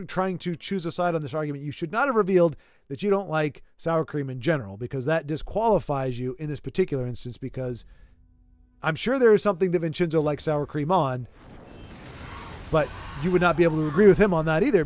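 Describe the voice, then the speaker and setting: A man's voice: fairly high pitch, animated, fairly quick. A man chatting casually with his livestream audience, rambling and playfully arguing, with many restarts. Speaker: streamer.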